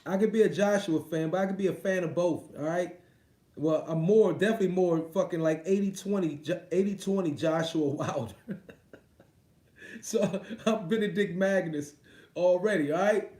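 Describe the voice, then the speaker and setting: On his boxing livestream, an American man rants casually, swearing and rambling with plenty of repetition. He speaks at a moderate pace in a high, mellow voice, and a roomy echo colors the recording.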